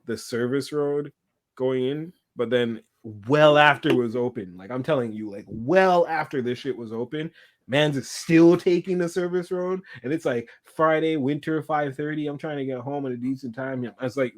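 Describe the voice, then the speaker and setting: A man chatting casually, telling rambling stories in a relaxed, slangy and profane way. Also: medium pitch, moderate pace. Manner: laid-back storyteller, swears, slangy. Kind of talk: casual chat.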